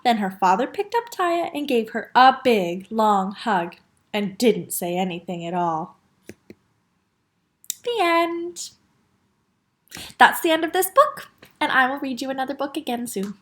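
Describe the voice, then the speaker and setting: A woman teacher reading a storybook aloud to young children, expressive, with asides to the class. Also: a little high, normal speed.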